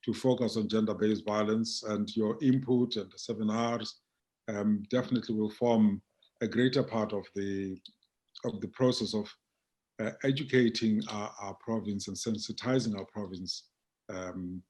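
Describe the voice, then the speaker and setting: A middle-aged man with a South African accent, an archbishop speaking in a conversational interview over a video call, halting and repeating his words with many fillers. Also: lowish voice, steady tone, darkish tone.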